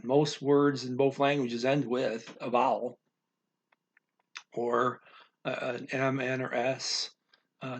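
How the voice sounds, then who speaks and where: A man teaching a language lesson in a casual, halting way, correcting himself and filling pauses as he explains words. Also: medium pitch. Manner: halting, self-correcting explanations with many fillers.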